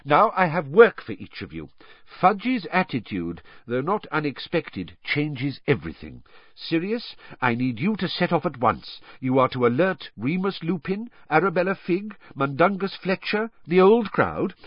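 Brief: a man doing a calm old wizard headmaster for an audiobook, measured and raised in pitch, dry and lo-fi. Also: no room sound. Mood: grave. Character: wise old male headmaster, calm, commanding. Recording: dull lo-fi recording.

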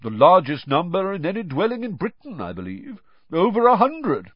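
A man's voice: sits high, huge pitch swings, moderate pace, husky, no room sound, highs cut off, pitched above the performer's own voice, exaggerated voice. A man voicing a fussy, gossipy old male ghost in a storybook reading, in a genteel manner. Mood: matter-of-fact.

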